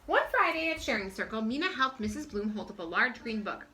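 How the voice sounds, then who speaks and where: A woman reading a children's picture book aloud in a friendly, expressive way. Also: on the high side, brisk, a little hiss or hum. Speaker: story reader.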